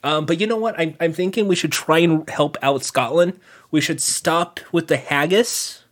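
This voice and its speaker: A man's voice: on the high side, fairly bright tone. A man co-hosting a podcast in casual, joking chat, often stopping and restarting his sentences. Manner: halting, restarts, jokey trolling. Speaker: podcast co-host.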